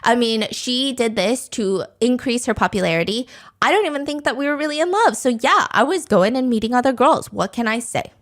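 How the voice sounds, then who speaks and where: A woman's voice: fairly high pitch, expressive, brisk, natural voice. A woman voicing a defensive young man who dismisses his ex-girlfriend in a blunt, offhand way.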